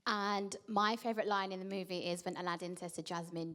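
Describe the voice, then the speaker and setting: A woman's voice: on the low side, steady tone, brisk. A female journalist in the audience asking the panel a playful question into a handheld microphone.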